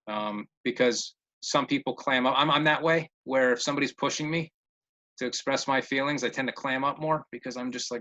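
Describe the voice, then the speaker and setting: A man's voice: mid-range voice, fairly even intonation, fairly quick, sharp tone, rough recording. A man answering questions in a casual webinar as a behavior interventionist, often repeating words as he thinks, over a video call. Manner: repeats words while thinking, many fillers.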